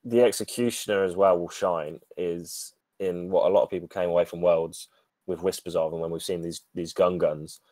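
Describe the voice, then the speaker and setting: Very deep-voiced man rambling about cards. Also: fairly even intonation, moderate pace, darkish tone, no echo. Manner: rambling, self-correcting, laughing. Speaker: podcast co-host. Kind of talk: casual card-game discussion.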